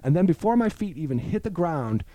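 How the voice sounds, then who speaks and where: A man's voice: a little high, brisk, dry recording. A man in recovery, telling a story in casual chat and acting out the voices of the people in it. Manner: animated storyteller, acts out voices. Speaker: guest in recovery.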